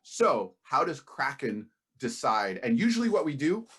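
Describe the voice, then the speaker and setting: A man's voice: medium pitch, very animated, unhurried, a bit bright, breathy edge. A man running a tabletop game as game master, explaining the scene in a casual, rambling manner. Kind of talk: narrating a tabletop game on a stream.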